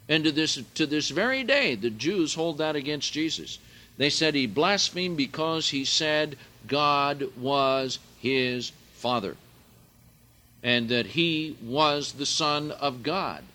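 A man leading a verse-by-verse Bible study, speaking deliberately and swelling loud and emphatic when he quotes scripture. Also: fairly high pitch, animated. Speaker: Bible teacher.

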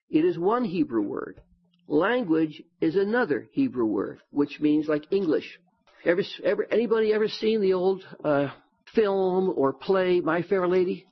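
A male Bible teacher, preaching a sermon in an animated, folksy way. His voice sits a little high and rather husky. The recording sounds dull and lo-fi. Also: measured pace. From United States. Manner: animated, folksy, lively asides.

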